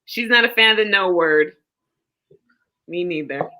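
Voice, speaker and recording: A woman co-hosting a casual livestream chat, telling animated stories, laughing often and reading out chat comments. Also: fairly low pitch, unhurried. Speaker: livestream co-host.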